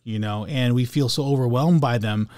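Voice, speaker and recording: A man's voice: mid-range voice, moderate pace, darkish tone, no echo. A man co-hosting a casual talk about emotions, rambling with fillers and restarts, sometimes acting out coworkers. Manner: acts out coworkers in little skits. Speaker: podcast co-host.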